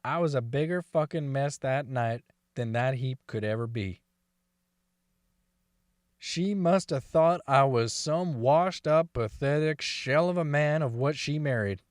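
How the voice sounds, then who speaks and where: A man's voice: mid-range voice, measured pace, dry recording, studio quality, lightly acted. A man voicing a profane, folksy older farmer and former drunk, speaking in a coarse, drawling monologue. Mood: brooding, devoted. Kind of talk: dramatic monologue reading.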